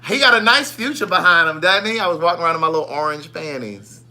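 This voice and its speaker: Man, live-stream host, sassy shout-outs, high voice, very bright tone. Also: fast talker. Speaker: livestream host. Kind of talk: casual live-stream chat greeting viewers.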